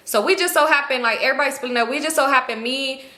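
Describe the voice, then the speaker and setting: A young woman vlogger telling a casual storytime, talking in an animated, slangy way and quoting the people in her story. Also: high voice, very fast. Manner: animated, slangy, quotes others in small voices. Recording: echoey room.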